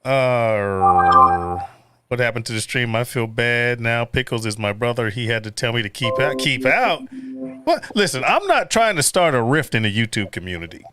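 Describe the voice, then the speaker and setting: A man's voice: mid-range voice, lively intonation, normal speed, bright, forceful tone. A man hosting a casual livestream. He reads viewer comments aloud, swears and laughs easily. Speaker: livestream host.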